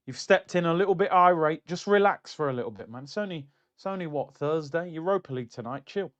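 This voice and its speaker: A man hosting a casual football livestream, talking in an animated, chatty way and answering comments from his chat. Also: fairly high pitch, fast, muffled recording. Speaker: football streamer.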